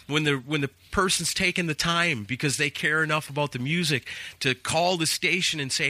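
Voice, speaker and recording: Man telling radio stories, bright and dry. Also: fairly high pitch, fairly quick, hardly any pauses, dry recording. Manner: animated, acts out callers and bosses. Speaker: radio host. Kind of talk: casual storytelling.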